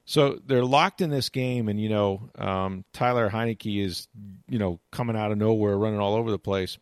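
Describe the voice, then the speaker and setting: A man with a lowish voice talks sports in a casual, rambling way. He restarts often and scatters "you know" through his sentences. He retells game moments with animation, and the sound is dry and close. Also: normal speed, smooth, dry recording. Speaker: sports commentator. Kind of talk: casual chat.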